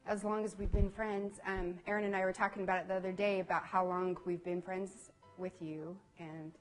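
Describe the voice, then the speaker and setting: A woman's voice: mid-range voice, level tone, brisk, soft background music. A woman leaving a chatty, rambling birthday message for an old friend, with little laughs. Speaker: family friend. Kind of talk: personal video message.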